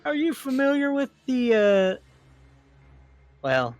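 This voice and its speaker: A man playing his character in a tabletop game with a put-on American Southern accent, speaking in halting, hesitant phrases. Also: very high-pitched, sing-song, dry recording, soft background music. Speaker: player.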